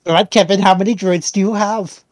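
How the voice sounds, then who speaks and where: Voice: mid-range voice, steady tone, a little fast, dry recording. A co-host of a live-streamed podcast, teasing the other host and laughing often in casual banter.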